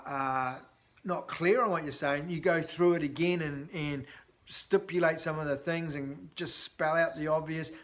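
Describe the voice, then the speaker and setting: Chatty, blunt man coaching on sales. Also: fairly high pitch. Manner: blunt, chatty, animated, with frequent fillers. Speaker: sales trainer. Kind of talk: casual instructional talk to camera.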